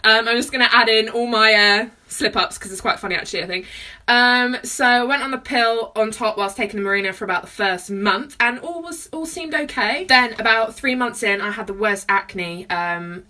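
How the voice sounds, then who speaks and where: A woman's voice: medium pitch, brisk, bright, forceful tone. A young woman in her twenties, nervously and candidly telling a personal story in a phone-recorded vlog. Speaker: vlogger. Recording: phone mic from a distance.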